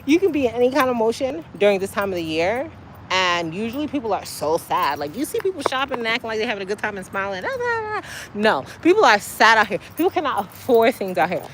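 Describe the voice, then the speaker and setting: A woman hosting a casual livestream outdoors by a street, chatting straight to her viewers and breaking into sudden high exclamations. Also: very animated, fast, a little hiss or hum. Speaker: livestream host. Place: outdoors by a street, waiting for a ride.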